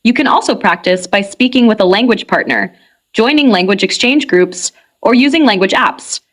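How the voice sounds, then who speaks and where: A woman reading a scripted English lesson for beginners in a clear, measured way. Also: mid-range voice, animated. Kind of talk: scripted instructional narration.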